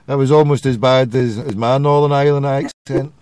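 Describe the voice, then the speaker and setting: A man with a Glaswegian accent runs a casual call-in show. He banters and teases his callers. His voice sits in a middling pitch. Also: steady tone, a little fast, a crowd in the background. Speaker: host of a call-in internet radio show. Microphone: phone call.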